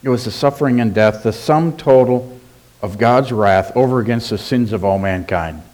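A man preaching a sermon as pastor, emphatic, asking rhetorical questions and slowing down on key words. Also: medium pitch, a little mellow.

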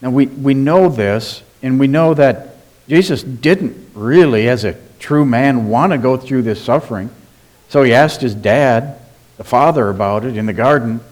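A man preaching a sermon as pastor, emphatic, asking rhetorical questions and slowing down on key words. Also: mid-range voice, darkish tone.

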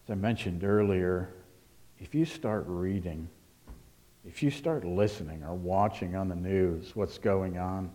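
A man preaching a sermon as pastor, earnest, with quiet asides and forceful stresses. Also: sits low, unhurried. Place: church service.

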